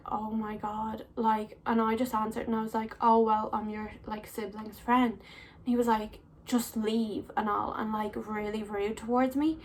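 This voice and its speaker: A woman's voice: a little high, slight background noise. Chatty young woman telling stories. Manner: chatty, many "like" fillers, laughs often. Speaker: vlogger. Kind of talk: casual storytelling.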